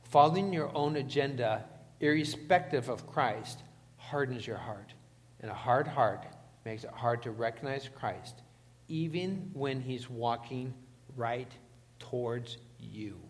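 A man's voice: mid-range voice, slow. Man preaching in a reverberant hall. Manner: emphatic, asks the congregation questions. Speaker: pastor. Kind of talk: sermon.

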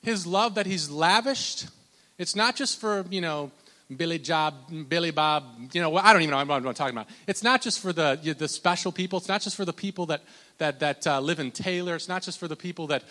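A man, likely in his thirties, preaching a conversational sermon with lots of restarts and fillers, loud on his points and slow on scripture. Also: a little high, in a large hall. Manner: animated, pushes loud on emphasis, drawn-out slow scripture quotes. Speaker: pastor.

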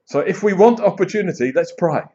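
Man, preaching in church, animated storyteller, fairly high voice, muffled recording. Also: a little fast. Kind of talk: sermon with storytelling. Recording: dull lo-fi sound.

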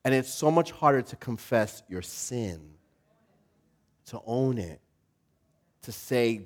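A male pastor giving a casual, humorous sermon with dramatic swings between loud and soft. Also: medium pitch, lively intonation, slow pace, pauses often.

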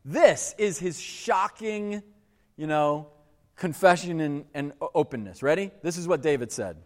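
A man's voice: on the high side, animated, measured pace. A man preaching a sermon, retelling a story in a casual, conversational way and slipping into quoted voices. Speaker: pastor. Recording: echoey hall with long reverb.

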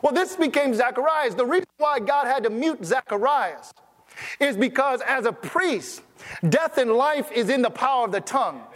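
A man's voice: very high voice, lively intonation, normal speed, a bit bright, long reverb tail. A man preaching as a pastor, telling stories in a conversational way and often restarting his sentences. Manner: conversational, storytelling, stammering restarts. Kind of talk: sermon.

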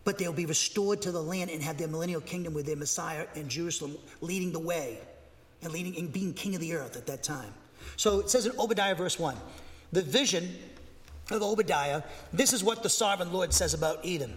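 A man's voice: a little high, fast, fairly bright tone, long reverb tail. A man preaching verse by verse, reading scripture aloud and then explaining it, with fillers and restarts. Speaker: pastor. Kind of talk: verse-by-verse Bible teaching.

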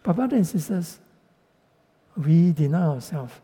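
Dark-voiced man preaching in a hall. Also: on the high side, animated, unhurried. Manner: earnest, addresses the congregation directly and often. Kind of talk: sermon. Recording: long reverb of a large hall.

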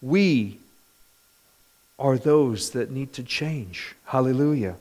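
A male pastor preaching a sermon in a church, animated, with bursts of loud emphasis. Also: mid-range voice, slow pace.

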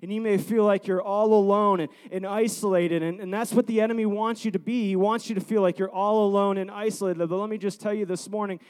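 High-voiced earnest male preacher. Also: steady tone, brisk, few pauses, darkish tone, clear, resonant tone. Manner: earnest, repetitive, rising to fervent pleas. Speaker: pastor. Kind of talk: sermon.

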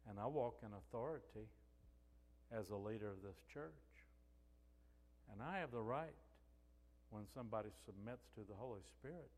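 Man, pastor, sermon, storytelling, echoey hall. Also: medium pitch. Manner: storytelling, acts out quoted dialogue.

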